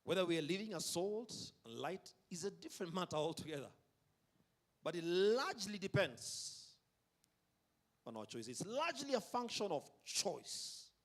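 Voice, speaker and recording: Man, preacher, sermon, emphatic, call-and-response, lively pitch, slightly high voice. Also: normal speed. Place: concert venue.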